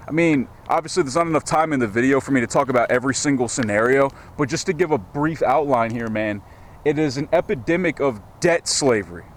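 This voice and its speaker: Outdoors on a small-town street, an American man vlogs into a handheld camera, delivering a casual, rambling monologue that's profane and stammering. His voice is on the high side, with slight background noise.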